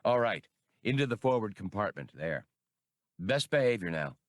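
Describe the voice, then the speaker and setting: A man's voice: fairly low pitch, very animated, moderate pace, no echo, studio quality. A man doing Han, a wry, clipped starship captain. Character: cocky male starship captain, wry and wary.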